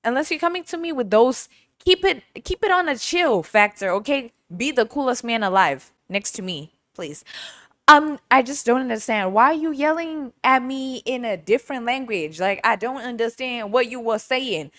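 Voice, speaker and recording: A woman hosting her own podcast, telling a story in a chatty, animated way with lots of asides. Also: on the high side, normal speed, no echo, clean studio sound. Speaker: podcast host. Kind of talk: casual storytelling monologue.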